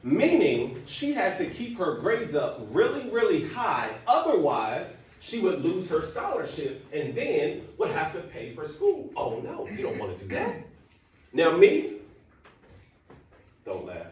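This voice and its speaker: A man's voice: high voice, huge pitch swings, unhurried. A man telling a funny, self-mocking story to an audience and talking to the crowd directly. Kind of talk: humorous storytelling talk. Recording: echoey hall from far off.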